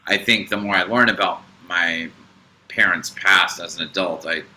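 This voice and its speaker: A man's voice: low voice, normal speed, bright, forceful tone, a little hiss or hum, rough recording. A man co-hosting a spiritual podcast, talking in a rambling, hesitant way with many fillers and restarts. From United States. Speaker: podcast co-host. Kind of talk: casual spiritual podcast chat.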